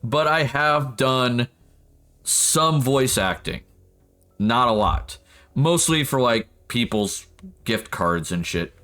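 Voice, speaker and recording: A man's voice: medium pitch, expressive, slow pace, fairly bright tone, faint music behind. A man streaming a game, chatting casually and laughing often as he rambles. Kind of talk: casual live-stream chat.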